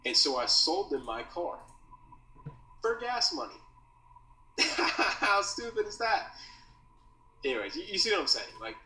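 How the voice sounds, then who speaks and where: Casual dude teaching copywriting, bright lively voice, says bro a lot. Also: male voice, medium pitch. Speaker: copywriting course creator teaching. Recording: roomy echo, mic at a distance, faint noise.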